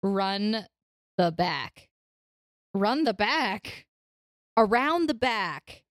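A woman's voice: mid-range voice, lively intonation, very slow, pauses often, dry recording, studio quality. A woman playing a tabletop game, casual and playful. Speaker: player.

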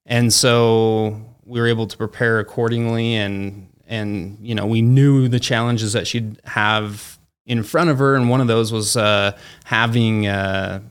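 Speaking a little slowly in a lowish, clear and resonant voice with fairly even intonation, this man is a company founder on as a guest. He tells a story casually, leaning on "like" and "you know," and performs the dialogue he quotes.

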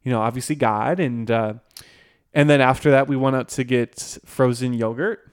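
Homme bavard qui raconte en riant de lui-même. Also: male voice, medium pitch, fairly even intonation, moderate pace, clear, resonant tone. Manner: chatty, self-deprecating, many fillers. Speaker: podcast co-host. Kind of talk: casual storytelling chat.

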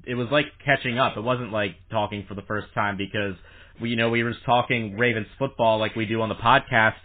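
A man's voice: lowish voice, steady tone, brisk. A man hosting a sports podcast, chatting casually with fillers and plugging the show. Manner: chatty, promotional, with frequent fillers. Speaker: podcast host. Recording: tinny phone-line sound.

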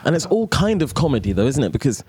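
A young man co-hosting a podcast, telling stories in an animated way and laughing as he talks. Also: mid-range voice, fast talker, husky, dry recording. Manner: animated storyteller, laughs while talking. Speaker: podcast co-host. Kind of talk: casual chat.

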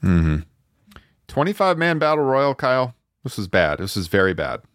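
A man co-hosting a podcast who reviews wrestling in casual chat, wry and laid-back and quick to laugh. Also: medium pitch, very animated, no room sound, studio quality. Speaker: podcast co-host.

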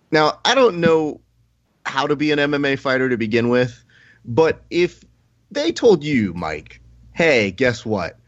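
A man with a mid-range voice hosts a podcast, chatting casually and spinning stories, animatedly acting out the quotes as he goes. The recording has a lo-fi quality.

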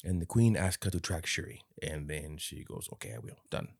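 A man co-hosting a podcast, recapping a movie in casual, profane, animated chat. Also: rumbling low, normal speed, dry recording, studio quality. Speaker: podcast co-host.

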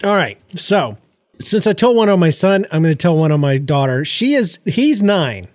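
A middle-aged man with a stuffy, congested voice rambles cheerfully through family anecdotes on his podcast, pitched a touch high and jumping into quoted voices. He sits close to the mic in a dry, dead-sounding room. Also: moderate pace, no room sound. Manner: animated, jokey storytelling with laughs and voiced quotes. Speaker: podcast host. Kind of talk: casual solo podcast storytelling. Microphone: close podcast microphone.

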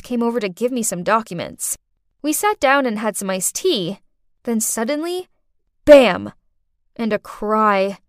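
A woman narrating a first-person story for a podcast in an expressive, dramatic way. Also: fairly high pitch, dry recording, clean studio sound.

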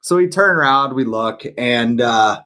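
A man's voice: mid-range voice, lively intonation, measured pace, sharp tone. A man co-hosting a podcast, telling a rambling story in casual chat, full of "like" and restarts. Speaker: podcast co-host.

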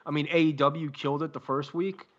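Profane, animated man telling stories. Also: a little high, brisk. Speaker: podcast co-host. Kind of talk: casual chat. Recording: dull lo-fi sound.

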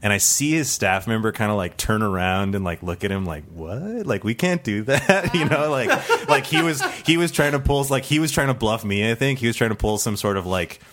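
A man's voice: lowish voice, expressive, a little fast, hardly any pauses, a bit bright. A man telling a long true story with many fillers, laughing now and then and acting out the other people in it. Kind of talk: storytelling for a live audience.

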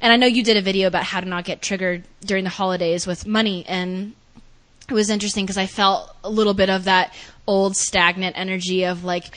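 A woman's voice: mid-range voice, steady tone, fast talker, a bit bright. A woman hosting a casual chat, reflecting openly on her own habits.

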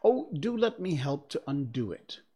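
A man doing a high, eager little girl. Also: very animated, moderate pace, mellow, breathy edge. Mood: pleading. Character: young girl, polite and eager.

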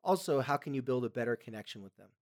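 A man's voice: medium pitch, quick pace. Casual man hosting an advice podcast. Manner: relaxed, with frequent ums and quoted voices. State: coughing now and then. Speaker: podcast host.

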